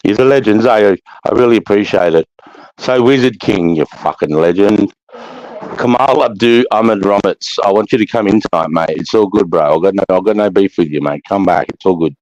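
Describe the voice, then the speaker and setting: An Australian man hosting a livestream, giving sweary, matey shout-outs to his chat in a casual way. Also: lowish voice, moderate pace, no echo, muffled recording. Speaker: livestream host.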